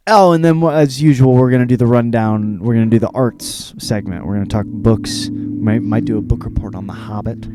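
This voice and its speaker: Rambling, self-mocking podcast man. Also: fairly low pitch. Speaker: podcast host.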